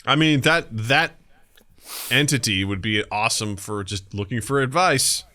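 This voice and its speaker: A man's voice: medium pitch, unhurried, bright, forceful tone. A man co-hosting a podcast, chatting casually and telling joking stories about his family. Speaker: podcast co-host. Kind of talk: casual chat.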